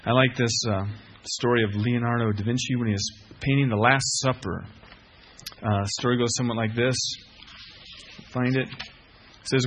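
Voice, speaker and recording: Bright, husky-voiced preaching man. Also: medium pitch, steady tone, moderate pace. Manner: earnest, repeats key phrases, asks the room questions. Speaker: pastor. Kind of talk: sermon.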